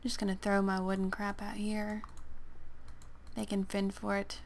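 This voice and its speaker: A woman giving casual, playful gameplay commentary while sick, clearing her throat and chatting to the game creatures. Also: mid-range voice, completely flat delivery, measured pace, slight background noise. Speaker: gaming let's player.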